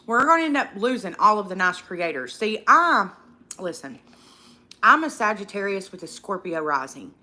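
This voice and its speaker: A woman's voice: medium pitch, big pitch swings, normal speed, bright, forceful tone. A young woman hosting a casual eating livestream, outspoken and profane, ranting and reading viewer comments aloud. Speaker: livestream host.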